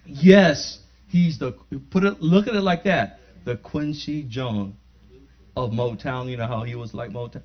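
Older male preacher, animated storyteller. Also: mid-range voice, highs cut off. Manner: animated, builds to loud excited bursts; halting restarts while telling a story. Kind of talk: storytelling sermon.

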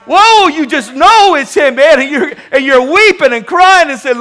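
A man preaching a lively sermon as pastor, animated and laughing as he goes, often calling out hallelujah. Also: very high-pitched, normal speed.

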